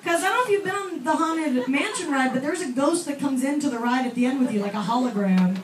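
Young female stand-up, high register, rambling self-deprecating delivery; roomy far-off club sound, big crowd laughs. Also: lively intonation. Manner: self-deprecating, chatty, with fillers and quick asides to the crowd. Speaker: stand-up comedian. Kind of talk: stand-up set. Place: comedy club stage.

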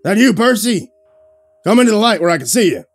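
A profane, short-tempered old man barks his lines in a horror story reading, as a man puts him on. The voice sits higher and louder than the narration around it. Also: big pitch swings, a little fast, no echo. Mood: wary. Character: gruff old backwoods man with shotgun.

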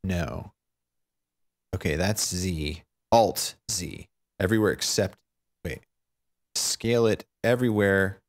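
A man talking through a software tutorial, thinking aloud, fumbling and poking fun at himself. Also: low voice, slow, pauses often. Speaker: tutorial maker. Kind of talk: unscripted screen-recorded tutorial.

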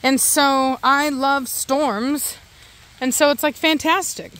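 Slow-talking woman chatting outdoors. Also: high-pitched, steady tone, a bit bright. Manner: rambling, chatty, talks to her dogs between remarks. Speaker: dog owner vlogger. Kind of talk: casual narration while doing farm chores. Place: outdoors in a yard with a garden and livestock.

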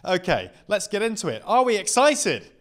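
A man's voice: sits high, moderate pace. Campy young man telling a stand-up story. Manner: camp, self-mocking, drifts into hushed deadpan narration. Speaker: stand-up comedian.

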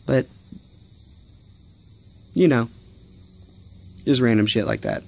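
Man, young adult, gravelly voice, rambling profane vlog rant, outdoors, faint insects behind. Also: mid-range voice, wildly swooping pitch, slow, pauses often, darkish tone, slight background noise. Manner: rambling, profane, easily irritated. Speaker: vlogger. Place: outdoors in a yard.

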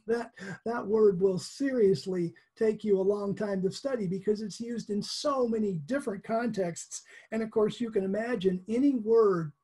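Husky, mellow-voiced Bible teacher. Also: mid-range voice. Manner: chatty, explanatory, with chuckles and restarts. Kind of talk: conversational Bible lesson.

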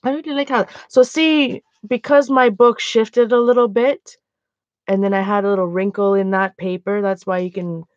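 A woman's voice: mid-range voice, fairly even intonation, moderate pace, a little mellow, dry recording. A woman chatting casually while painting, a laughing storyteller. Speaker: art vlogger. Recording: dull, dry lo-fi sound.

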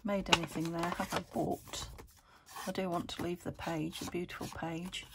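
A woman's voice: fairly low pitch, flat delivery, normal speed, vocal fry, very noisy. A woman chatting to herself as she crafts a junk journal, muttering and talking to her materials as she works. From United Kingdom. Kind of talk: casual crafting commentary.

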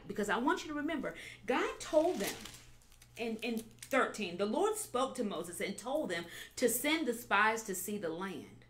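A woman pastor preaching a sermon with animated delivery, repeating phrases and building to emphatic peaks. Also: fairly high pitch, normal speed.

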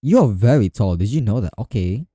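A jittery man talks his way through a horror game, and his pitch jumps all over the place. His voice is mellow and dark, and the recording is close and dry. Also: lively intonation, moderate pace, slightly rough, no room sound. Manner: jittery, talks to himself and repeats phrases when scared. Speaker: gamer playing a horror game. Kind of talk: let's play commentary.

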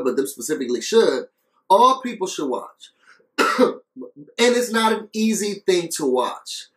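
Speaking earnestly in a slightly high voice, a video reviewer records a casual vlog review, repeating himself to stress points and coughing between phrases. The low-quality recording is reverberant.

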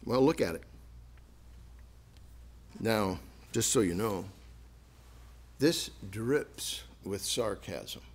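A man's voice: on the low side, drawn-out words, pauses often. A man preaching a sermon as pastor, joking and acting out sarcastic asides. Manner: lively, jokey, acts out sarcastic asides with laughs. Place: church sanctuary.

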